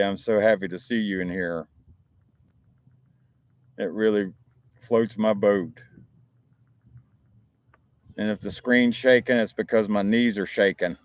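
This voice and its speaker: A low-pitched man with a Southern American accent rambles through a casual live talk show, chatty and loose, cursing freely and restarting his sentences. His voice sits close and dry, with little room sound around it. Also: steady tone, measured pace, pauses often, dry recording. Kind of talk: casual live-stream chat. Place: outdoors, chilly.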